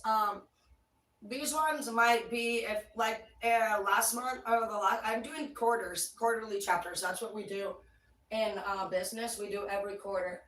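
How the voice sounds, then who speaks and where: A woman's voice: medium pitch, fairly bright tone, far from the mic. A woman giving a casual tarot reading, blunt and rambling, swearing freely. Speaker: tarot reader. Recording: echoey room, voice away from mic.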